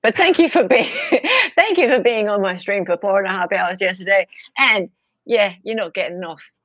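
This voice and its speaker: A woman's voice: medium pitch, animated, moderate pace, fairly bright tone, dry recording, highs cut off. A woman co-hosting a live stream, playful and teasing. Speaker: stream co-host.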